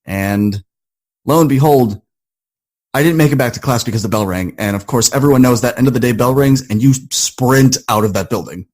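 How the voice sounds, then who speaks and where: Husky man telling a story. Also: medium pitch, normal speed. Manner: animated, conversational storytelling. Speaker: podcast guest. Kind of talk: personal storytelling on a podcast.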